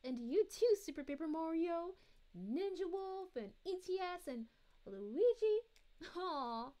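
A woman voicing a gentle, motherly cosmic princess, chatting sweetly and giggling as she reads chat messages on a live stream. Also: very high voice, big pitch swings, takes it slowly, full character voice. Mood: cheerful. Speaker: VTuber streamer.

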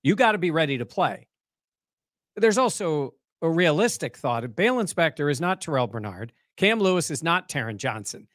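A man co-hosting a sports talk show, breaking down the game in casual, animated conversation. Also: fairly high pitch, moderate pace, no room sound, studio quality.

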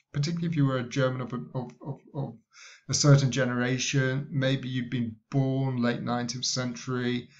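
A male university lecturer giving a recorded lecture, talking in a halting way with many restarts. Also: mid-range voice, muffled recording. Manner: hesitant, many fillers and restarts.

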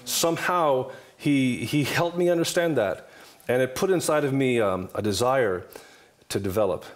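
A man in his fifties speaks as a guest minister, with the repetitive, emphatic cadence of a preacher even in conversation. His pitch swings widely from phrase to phrase, and he hammers his points home with repeated lines. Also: moderate pace. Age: 50s. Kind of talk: preaching-style table talk.

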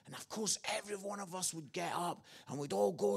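A man's voice: a little high, brisk, creaky, hardly any pauses, breathy edge. A man with an English accent preaching a sermon as a guest speaker, telling a story earnestly and repeating his phrases.

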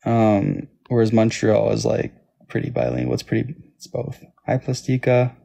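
A man's voice: mid-range voice, little pitch movement, moderate pace, creaky, dark tone. A man with a Toronto Canadian accent, chatting casually on a live stream and thanking viewers by name. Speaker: livestream host.

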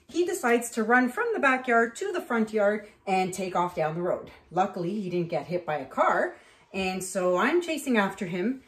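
A middle-aged woman from Canada, painting on camera and telling a story in a casual, animated way, acting out the voices of the people in it. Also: fairly high pitch. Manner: animated, acts out voices in her stories. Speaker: acrylic pour painter.

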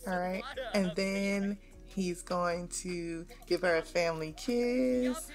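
A woman's voice: fairly low pitch, slow pace, soft background music. Chatty woman narrating a game. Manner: chatty, slangy, animated storytelling. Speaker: gameplay narrator. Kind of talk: casual game commentary.

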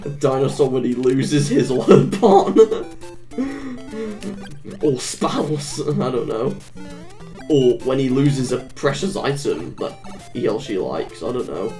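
A woman giving excitable, self-mocking commentary while playing a video game, often exclaiming at what happens on screen. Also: extremely low pitch, slow, faint music behind. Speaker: gaming YouTuber. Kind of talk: let's-play commentary.

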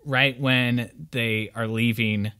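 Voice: medium pitch, steady tone, slow pace, bright, forceful tone, clear, resonant tone. A podcast co-host discussing a book thoughtfully, sometimes repeating words while thinking.

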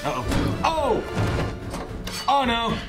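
A man co-hosting a reaction show, chatting casually with animated outbursts. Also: very high-pitched, slow pace, over loud music.

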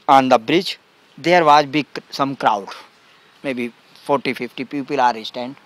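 A man, a spiritual teacher, giving a satsang talk and telling a story in halting, broken English full of restarts. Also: mid-range voice, no echo. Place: outdoor gathering spot.

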